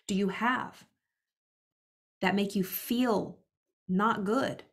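A woman reads aloud from a spiritual book and pauses to comment in reflective asides to her listeners. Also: fairly low pitch, vocal fry. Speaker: spiritual book reader and teacher.

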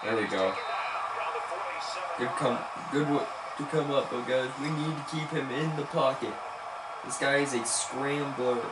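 A man giving live commentary on his football video game, excitedly cheering on and scolding his players as he plays. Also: mid-range voice, measured pace, pauses often. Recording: echoey room with background noise.

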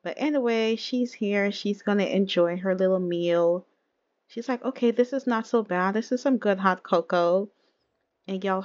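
A woman chats her way through a life-simulation game, laughing often and talking to her viewers like friends. Her voice sits at an ordinary middle pitch. The recording has a slightly muffled, lo-fi sound. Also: darkish tone. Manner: chatty, laughing, addresses viewers as y'all. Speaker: let's play host. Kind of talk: casual game commentary.

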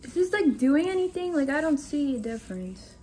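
A woman's voice: high-pitched, very animated, a little fast, warm tone, a little hiss or hum. A woman vlogging casually at home, talking to her viewers in a frank, exclamatory, chatty way. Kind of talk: casual vlog talking to camera.

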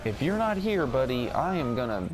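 A man's voice: medium pitch, big pitch swings, moderate pace. A man giving casual gameplay commentary, rambling and mocking himself as he plays. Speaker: gaming video creator. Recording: game music underneath.

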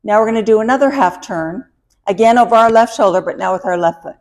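A woman's voice: mid-range voice, fast talker, darkish tone. A woman teaching a line dance step by step, counting the beats aloud while she dances, upbeat and encouraging.

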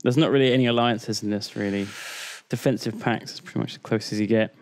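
A man in mid-range voice chatting easily with friends over a multiplayer strategy game. He sounds relaxed and often stops to explain how the game works. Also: medium pitch, fast talker. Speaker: gamer in a group let's play. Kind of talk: casual gaming chat.

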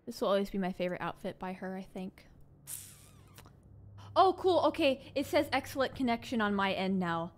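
A woman streaming a video game, chatting casually with her viewers and reacting excitedly to the fight. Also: medium pitch, normal speed, long pauses. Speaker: gaming streamer. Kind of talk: casual live gameplay commentary.

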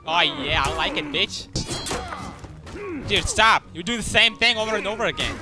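Young male gaming commentator, high lively voice, excitable trash talk over game music. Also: moderate pace. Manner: excitable, trash-talking, swears a lot. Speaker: gaming YouTuber. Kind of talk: casual gameplay commentary.

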